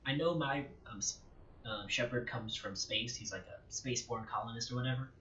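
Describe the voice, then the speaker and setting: A man's voice: medium pitch, a little fast, a bit bright. Joking man doing gameplay commentary. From United States. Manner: rambling, joking, casual asides. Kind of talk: let's-play commentary. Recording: echoey, dull home recording.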